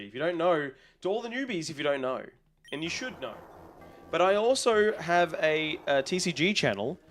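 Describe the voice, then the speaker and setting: A man's voice: mid-range voice, a bit bright. An Australian man live-streaming a game, chatting casually and answering viewers' messages in a loose, rambling way. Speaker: livestreamer. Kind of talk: casual chat with live chat readers.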